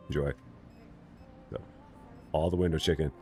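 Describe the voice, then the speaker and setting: A man with a low voice commentates a live game stream and chats with his viewers. His delivery swings widely, with teasing jokes and little sing-song asides. Faint music plays underneath. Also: very animated, normal speed, a bit bright. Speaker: gaming streamer.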